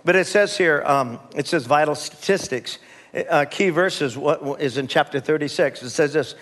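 A man's voice: on the high side, normal speed, fairly bright tone. An older man preaching a sermon as pastor, leading the church in call-and-response with folksy asides and chuckles.

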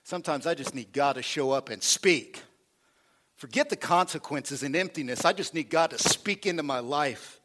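This sermon comes from a male pastor whose voice is on the high side and whose pace is normal. He's animated, draws responses from the congregation, and dramatizes quotes from the text.

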